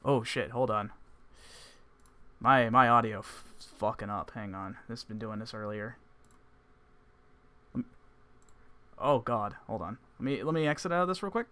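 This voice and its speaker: A man narrating a tabletop game as game master, halting with many fillers. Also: mid-range voice, bright, forceful tone. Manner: hesitant, many filler words.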